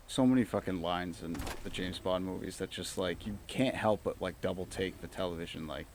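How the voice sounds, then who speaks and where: A man's voice: low-pitched, a little fast, background noise. A young man streaming a strategy game, rambling and swearing in casual joking commentary, laughing often. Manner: rambling, profane, joking asides.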